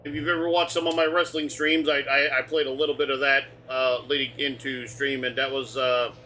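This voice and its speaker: A man's voice: mid-range voice, flat delivery, fairly quick, sharp tone, slight background noise. A man streaming a game live, rambling and joking as he talks through the on-screen prompts. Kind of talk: casual live game commentary.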